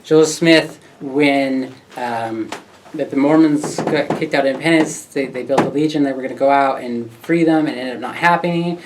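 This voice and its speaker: An American man recounts his story to an audience gathered in a pub. He is animated, laughs often and acts out the voices of other people. The recording picks him up from a distance, with a faint hum of the room behind him. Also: medium pitch, normal speed. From United States. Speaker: speaker at a talk. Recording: distant mic with faint background noise.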